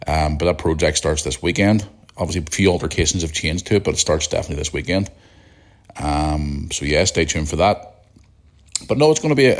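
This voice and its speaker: A middle-aged Northern Irish man hosting a solo podcast, chatting in a blunt, rambling way with a croaky morning voice. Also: very deep voice. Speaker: podcast host. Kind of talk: casual solo podcast chat.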